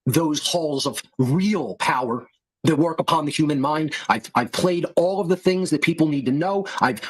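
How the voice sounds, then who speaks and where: A man's voice: a little high, slightly rough. A man hosting a podcast, lecturing his listeners in a heated, contemptuous rant full of insults and profanity. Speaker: podcast host.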